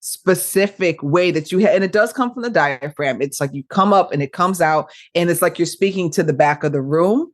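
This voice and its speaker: A woman's voice: lowish voice, brisk, few pauses. A woman radio broadcaster and podcast guest, chatting animatedly and laughing often as she tells stories. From Michigan. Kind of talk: casual interview chat.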